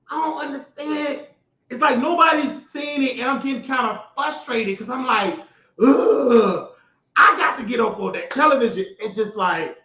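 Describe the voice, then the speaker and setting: A man hosting his own show, giving loud, mocking political commentary that rises to shouts when he gets worked up. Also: very high-pitched, echoey room, muffled recording. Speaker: show host.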